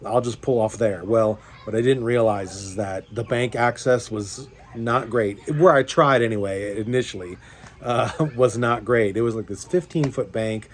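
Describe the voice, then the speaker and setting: A young man who makes fishing vlogs rambles through the story of a bad day in casual chat, self-deprecating and full of fillers and restarts. His voice is on the low side, at a moderate pace.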